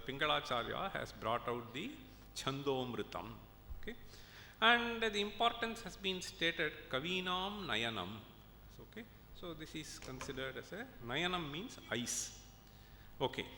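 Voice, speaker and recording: Bright-voiced Indian man lecturing in a hall. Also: animated, measured pace, gravelly. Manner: explains step by step, checks in with "okay?" and "right?". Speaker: professor lecturing at a conference. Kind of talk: lecture with examples and recitation. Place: conference hall. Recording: echoey hall with faint rumble.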